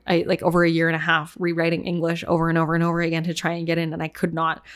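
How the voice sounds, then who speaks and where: A young adult woman from Canada, casually telling a personal story to her viewers, candid and rambling, laughing at herself. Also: lowish voice. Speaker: vlogger sharing personal story.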